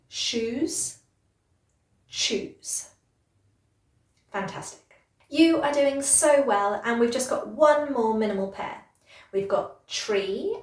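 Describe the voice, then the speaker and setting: A British woman teaching English pronunciation, speaking slowly and clearly and drawing out example words in an encouraging way. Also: medium pitch, reverberant, far from the mic. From Britain. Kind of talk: pronunciation lesson.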